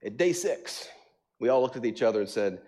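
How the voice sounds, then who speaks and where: A man's voice: medium pitch, brisk. A middle-aged man, a pastor, telling funny stories in a sermon. He mocks himself, laughs often and fills his talk with "um" and "like.". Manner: animated, self-mocking storytelling with frequent laughter and fillers. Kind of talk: sermon, storytelling to a congregation. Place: church sanctuary.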